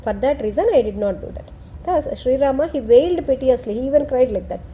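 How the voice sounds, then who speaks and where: A woman's voice: high voice, lively intonation, brisk, mellow, slight background noise. A woman retelling a scripture story and explaining it. She keeps checking in with her listener. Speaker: scripture teacher.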